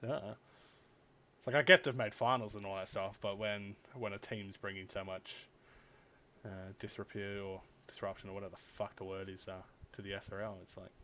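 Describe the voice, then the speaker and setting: A man hosting a podcast, chatting casually, swearing a lot and breaking into loud outbursts. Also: lowish voice, steady tone, fairly quick, slight background noise. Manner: swears a lot, loud bursts of laughter and outrage. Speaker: podcast host. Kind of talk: casual chat.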